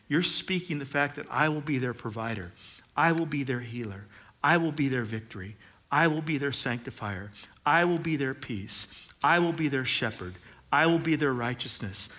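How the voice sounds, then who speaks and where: A man's voice: medium pitch, expressive, moderate pace, pushed and bright. A middle-aged man preaching a sermon as pastor, conversational with joking asides, building to emphatic declarations.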